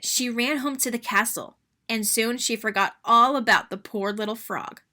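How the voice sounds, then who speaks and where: Bright, expressive woman reading aloud. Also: a little high, normal speed. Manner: expressive, sing-song narration. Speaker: children's book reader. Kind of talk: read-aloud storytelling.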